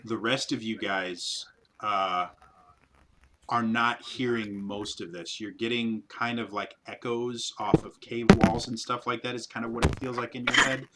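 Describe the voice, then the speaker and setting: A man's voice: mid-range voice, fairly even intonation, a little slow, very noisy. A man narrating a tabletop game as game master, rambling with many fillers.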